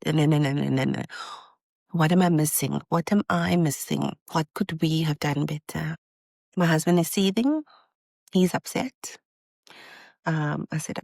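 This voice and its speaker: A woman in her thirties, a podcast host and mother, retelling a hard hospital day in a casual, animated and exasperated way. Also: lowish voice, gravelly, no room sound. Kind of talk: casual storytelling.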